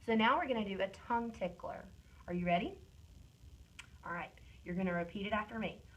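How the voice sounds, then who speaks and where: A woman reading teacher giving a one-on-one phonics lesson, stretching out sounds slowly and praising often, recorded on a phone camera. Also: medium pitch, a bit bright, highs cut off. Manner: slow, drawn-out modeling of sounds and words; encouraging praise.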